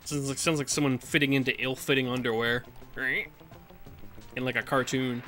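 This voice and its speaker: A man's voice: mid-range voice, flat delivery, normal speed, bright, forceful tone, faint music behind. A man casually commenting while he plays a video game, chatty and swearing now and then while answering chat. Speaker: let's play streamer.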